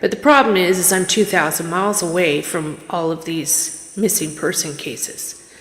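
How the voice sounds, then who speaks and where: A woman's voice: fairly low pitch, moderate pace, fairly bright tone. A woman from Canada who works as a psychic medium, chatting on a casual livestream in a candid, rambling, emotional way with many restarts. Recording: echoey room with long reverb.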